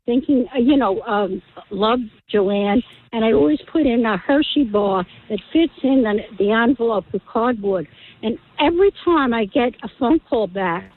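A woman's voice: a little high, animated, moderate pace. Hesitant woman caller on a tinny phone line. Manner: hesitant, stops to find words. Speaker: radio caller. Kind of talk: phone-in chat.

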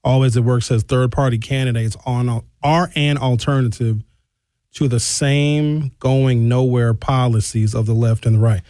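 A radio talk show host reads listener texts aloud from the studio and answers them frankly and conversationally. Through a studio microphone with no room sound, his medium-pitched, dark voice comes across flat and unhurried.

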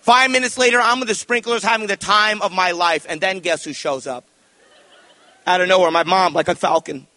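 A man doing a stand-up comedy set, telling family stories in an animated way and acting out his parents. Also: high-pitched, a little fast.

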